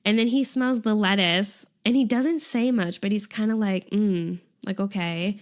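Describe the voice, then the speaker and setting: A young woman co-hosts a podcast, her voice a little high and her pace moderate. In a casual chat, she recaps a variety show, retelling what happened in a chatty way with frequent giggles and lots of "like" fillers.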